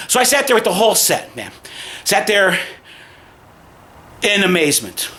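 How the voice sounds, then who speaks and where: A man's voice: high-pitched, big pitch swings, moderate pace, pauses often, bright, forceful tone. A man telling a rambling, profane personal story, emphatic, with restarts and repetitions. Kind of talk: casual spoken anecdote.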